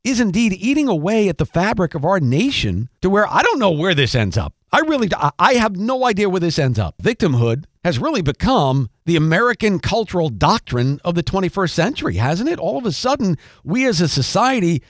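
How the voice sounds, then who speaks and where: A man's voice: high voice, big pitch swings, a little fast, hardly any pauses, no echo, studio quality. An older man hosting a podcast, delivering an emphatic opinion monologue and repeating phrases for punch. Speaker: radio and podcast host.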